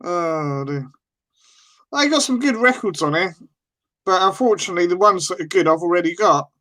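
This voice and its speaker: Bright, high-voiced bloke chatting. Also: male voice, expressive, normal speed. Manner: rambling, swearing, laughing banter. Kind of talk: casual chat on a live stream.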